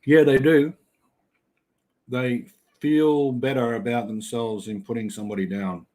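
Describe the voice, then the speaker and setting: A middle-aged Australian man yarns away on a casual live stream, reading out the chat. He talks in a relaxed, blokey drawl at an everyday pitch and laughs easily between his lines. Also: unhurried. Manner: laid-back, laughs often, blokey slang. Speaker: livestream host reading chat.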